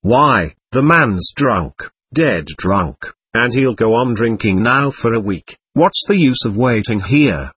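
A desperate young lieutenant begs and pleads in a breathless rush, as a man reads him aloud. The voice is husky, and it swings up and down with agitation. The sound is close and dry. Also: mid-range voice, expressive, takes it slowly, few pauses, fairly bright tone, no room sound, full character voice. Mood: dismayed. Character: desperate young male army lieutenant, frantic.

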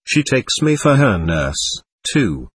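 A man reading an irritable, contemptuous young man in a storybook, with a husky, lively voice. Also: mid-range voice, takes it slowly, no echo, heavily acted. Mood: bitter.

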